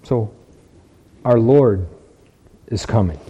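A man's voice: fairly low pitch, slow, mellow, slightly rough, muffled recording. A man preaching a sermon, reading scripture aloud and repeating key phrases for emphasis.

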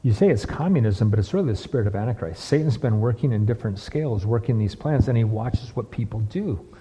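A man preaching from the pulpit, his dark, husky voice rolling out in long questions he repeats again and again. The sound is dull and lo-fi, with a long hall reverb behind every word. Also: on the low side, animated, quick pace. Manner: preaching with heavy repetition and rhetorical questions. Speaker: pastor. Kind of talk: sermon.

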